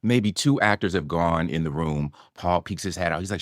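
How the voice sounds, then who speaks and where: A man's voice: low-pitched, expressive, brisk, dry recording, studio quality. A middle-aged man, an actor guest on a podcast, telling an audition story and acting out his own past lines with laughs and swearing.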